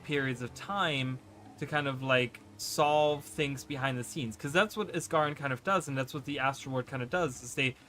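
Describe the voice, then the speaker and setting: A man's voice: medium pitch, normal speed, bright, forceful tone, soft background music. A man whose first language is not English, casually commenting on a game stream in a rambling way, full of fillers. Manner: rambling, many fillers and restarts.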